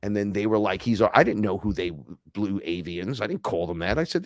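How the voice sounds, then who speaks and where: Man, podcast host, casual storyteller; low-pitched, excitable, foul-mouthed, loud-then-hushed delivery; dry close sound. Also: brisk, dry recording. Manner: profane, excitable, swings between loud and hushed. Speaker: podcast host recounting an experience.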